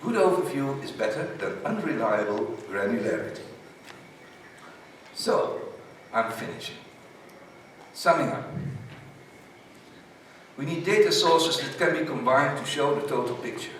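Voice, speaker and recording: A man's voice: mid-range voice, lively intonation, measured pace, pauses often, fairly bright tone, slight background noise. A man whose first language is Dutch gives a conference talk in English, emphatic with short slogan-like points. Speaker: conference speaker. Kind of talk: conference presentation. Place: large conference hall. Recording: echoey hall, speaker far from mic.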